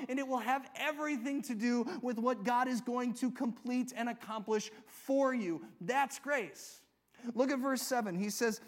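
High-voiced earnest male pastor preaching. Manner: earnest, swings between loud emphatic lines and soft hushed ones; asks the congregation rhetorical questions. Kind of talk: sermon.

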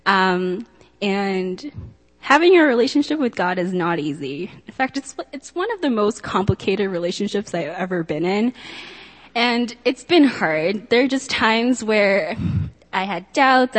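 Young woman telling her church story, chatty, lots of ums and likes, reverby hall. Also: mid-range voice. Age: young adult. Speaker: student giving a testimony. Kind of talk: personal testimony to a church group.

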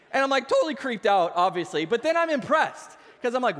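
A man in his thirties, a pastor, preaching a sermon with animated storytelling, acting out the voices of people in his stories. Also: very high-pitched, fast, few pauses. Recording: long hall reverb.

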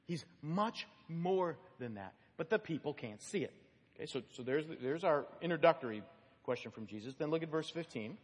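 A man preaching an expository sermon, teaching in an animated way, stressing key words and putting questions to the congregation. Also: on the high side, normal speed, breathy edge. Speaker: pastor. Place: church sanctuary. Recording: echoey church hall.

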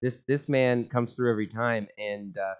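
A man's voice: medium pitch, fairly even intonation, normal speed, clear, resonant tone, muffled recording. A man co-hosting a casual podcast, trading dry jokes and banter. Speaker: podcast co-host. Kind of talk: casual chat.

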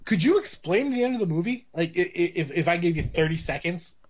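A man's voice: sits high, lively intonation, fairly quick, slightly rough. Rambling man with a dull lo-fi sound. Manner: rambling, many restarts and fillers. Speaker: podcast co-host. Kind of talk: casual movie discussion. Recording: dull lo-fi audio.

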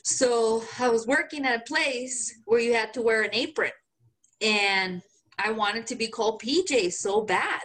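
Casting: tipsy podcast co-host, a woman from Mexico, slightly high voice, animated and foul-mouthed. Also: unhurried. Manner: animated, swearing, laughing often. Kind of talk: casual chat.

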